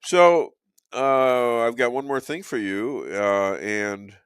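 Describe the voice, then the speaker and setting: An older man hosting a talk show, hoarse from losing his voice, rambling and joking between filler pauses. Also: medium pitch, no room sound, studio quality. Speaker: show host. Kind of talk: casual talk show chat.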